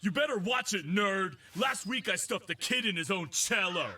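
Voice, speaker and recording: A man's voice: high voice, expressive, normal speed, pitched below the performer's own voice, exaggerated voice. A man voicing a dimwitted teenage boy bully, brash and taunting. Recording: loud noise behind.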